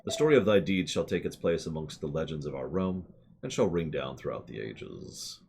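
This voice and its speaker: A man's voice: a bass voice, animated, normal speed, creaky, background noise, voice pushed down, heavily acted. A man voicing a pompous old king who gives a stately speech in archaic language with a put-on accent. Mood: solemn.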